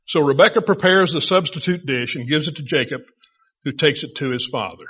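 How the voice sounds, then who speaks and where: A middle-aged man preaching a sermon, retelling a story in a conversational, animated way. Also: a little high, fairly quick, breathy edge. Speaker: pastor. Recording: dull lo-fi recording.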